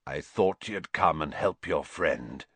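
A man voicing a gaunt, hoarse escaped male prisoner who speaks low, quiet and menacing. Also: lively intonation, slow, no room sound, exaggerated voice. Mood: quiet menace.

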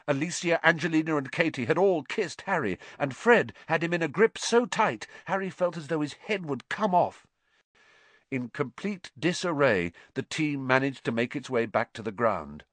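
A man reading a story aloud as an audiobook narrator, in a lively, dramatic storytelling manner. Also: mid-range voice, no echo.

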